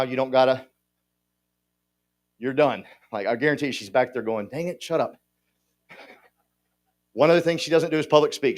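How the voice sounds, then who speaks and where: A man, giving a folksy, joking motivational talk to a conference audience. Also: mid-range voice. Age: 50s. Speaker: conference speaker. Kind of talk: motivational speech. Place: conference hall.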